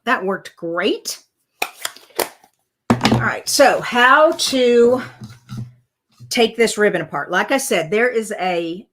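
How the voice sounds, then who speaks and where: A woman's voice: medium pitch, a bit bright. A woman chatting her way through a live card-making demo, talking to herself and viewers as she works, with frequent fillers. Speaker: craft demonstrator. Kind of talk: casual live crafting demo.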